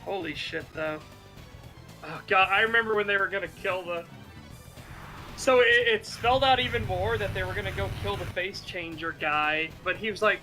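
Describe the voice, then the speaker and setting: A high-pitched man chats loosely on a stream, laughing often and swearing as he goes. Game music plays clearly behind his voice. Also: moderate pace. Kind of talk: casual stream chat.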